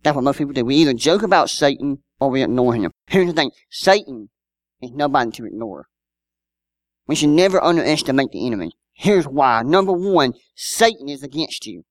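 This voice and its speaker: A man's voice: mid-range voice, animated, brisk, no echo, clean studio sound. A man, preaching a sermon in a conversational style with rhetorical questions and personal stories. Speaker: pastor.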